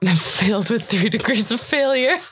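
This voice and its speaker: A woman's voice: fairly high pitch, expressive, normal speed, a bit bright, husky. A woman playing a tabletop game in casual, giggly chat. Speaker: player.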